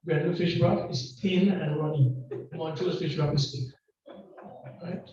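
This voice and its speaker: A man with a Grenadian accent preaching a lively sermon and joking back and forth with the congregation. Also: fairly high pitch, measured pace, a little hiss or hum. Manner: loud, call-and-response, joking with the congregation. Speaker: guest preacher. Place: church hall. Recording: distant, echoey and muffled hall recording.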